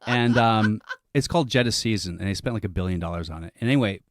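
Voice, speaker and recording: Low-voiced man, rambling comic storyteller. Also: fast, a little hiss or hum. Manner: rambling, self-interrupting storytelling with restarts. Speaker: comedian telling a story.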